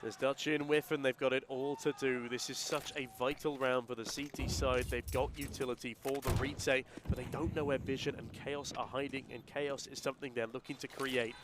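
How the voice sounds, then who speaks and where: A man doing play-by-play commentary on an esports match as caster, getting excitable on big plays. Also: fairly quick, hardly any pauses, noisy background. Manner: excitable, voice jumps high and loud in big plays.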